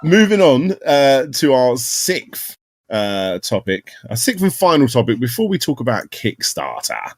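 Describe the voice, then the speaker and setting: A man's voice: mid-range voice, huge pitch swings, a little slow. A British man hosting a casual gaming news podcast, rambling and correcting himself as he goes. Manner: rambling, self-correcting, upbeat. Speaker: podcast host.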